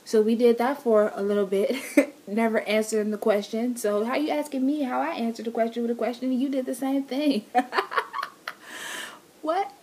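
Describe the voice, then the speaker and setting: A woman's voice: fairly high pitch, steady tone, normal speed, mellow, husky. A woman vlogger casually telling her love story, teasing and laughing with her partner.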